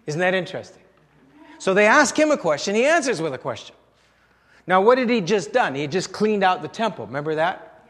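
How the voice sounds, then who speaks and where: A man's voice: high voice, very animated, fairly quick, a bit bright, big-room sound. A man preaching a sermon in a conversational way, putting rhetorical questions to the congregation. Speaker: pastor.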